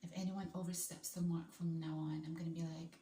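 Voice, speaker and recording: A woman's voice: sits low, level tone, fairly quick, mellow, echoey room. A woman vlogging in casual, enthusiastic chat, rambling a little as she goes. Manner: chatty, enthusiastic, rambling with restarts.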